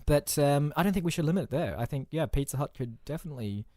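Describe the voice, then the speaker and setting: A man's voice: a little high, animated, quick pace, darkish tone, dry recording, studio quality. A man co-hosting a casual comedy podcast, rambling through absurd made-up stories with a joking manner. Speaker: podcast co-host.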